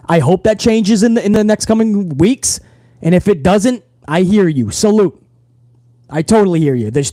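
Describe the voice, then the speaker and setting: Profane, high-voiced wrestling stream host. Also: male voice, dark tone, no room sound. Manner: profane, fired-up, talks straight to viewers. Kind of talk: casual livestream commentary.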